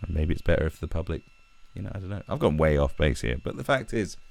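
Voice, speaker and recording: A man rants in commentary, swearing freely and dropping into mocking voices. His voice sits very low and rough with fry, and its pitch leaps around animatedly. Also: very animated, fast. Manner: sweary, ranting, sarcastic mock voices. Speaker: commentary vlogger. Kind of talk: ranting commentary.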